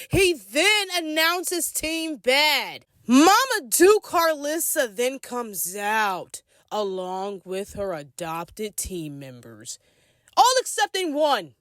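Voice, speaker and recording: Woman, sassy slangy recap, unhurried, dry close sound. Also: high-pitched, very animated, a bit bright, no room sound. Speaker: commentary vlogger. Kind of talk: casual recap commentary.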